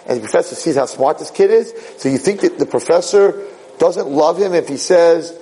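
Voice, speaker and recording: Male rabbi, sermon, mellow slightly high voice, conversational and repetitive. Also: a little fast, poor audio.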